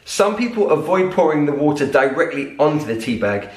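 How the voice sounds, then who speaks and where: A man's voice: a little high, very animated. Man teaching in a roomy kitchen. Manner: clear, deliberate teaching delivery, slowing to repeat key words. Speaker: English teacher. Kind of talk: scripted English lesson. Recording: roomy echo.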